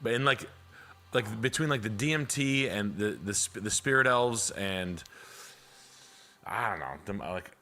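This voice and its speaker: A man's voice: lowish voice, expressive, a little slow, pauses often, sharp tone. A young man hosting a casual livestream, rambling and self-deprecating with crude jokes. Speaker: realtor and livestream host.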